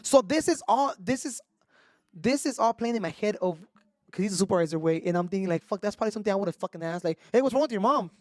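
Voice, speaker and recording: A man cohosting a podcast, with a fairly high voice and a rapid delivery. He tells stories in an animated, unfiltered way and slips into Spanish. The sound is dry and close. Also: dry recording. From Mexico. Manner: animated storytelling, swearing, mixing Spanish into English. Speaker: podcast co-host. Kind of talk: casual chat.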